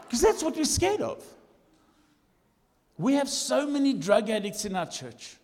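A man, a lead pastor, preaching in a church, jokey and animated, jumping from shouts to quiet asides. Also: extremely high pitch, measured pace, pauses often, in a large hall. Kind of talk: sermon. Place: church hall.

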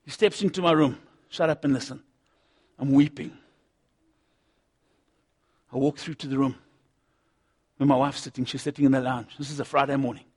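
A middle-aged man preaching a sermon, impassioned, swinging from loud urgency to hushed intensity. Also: mid-range voice, steady tone, moderate pace, pauses often.

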